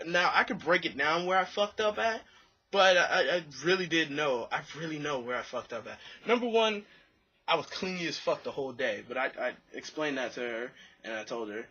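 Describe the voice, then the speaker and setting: A young man tells a rambling personal story, excitable and profane, and jumps into the voices of everyone in it. His voice is bright and a little husky and sits fairly high. The recording sounds dull and lo-fi. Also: a little fast. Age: young adult.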